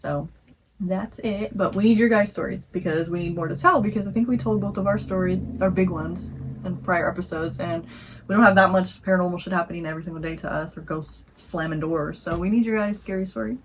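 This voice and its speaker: A woman co-hosting a podcast, telling a campfire scary story in a rambling, animated way and acting out the voices. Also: lowish voice, a little fast, a little hiss or hum, poor audio. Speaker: podcast co-host. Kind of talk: casual storytelling chat.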